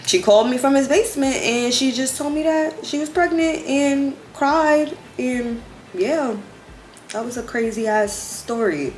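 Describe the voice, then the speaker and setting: A woman in her twenties telling a story in a chatty, animated way, with lots of "like". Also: mid-range voice, reverberant, a little hiss or hum. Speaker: vlogger. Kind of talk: casual storytime.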